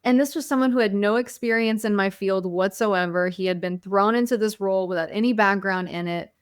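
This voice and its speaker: A woman's voice: mid-range voice, fairly quick, clean tone, dry recording. A woman guest on a podcast, speaking in a mid-range voice. She tells stories from her own experience in an earnest, reflective way, and the recording sounds close and dry. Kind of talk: casual conversation.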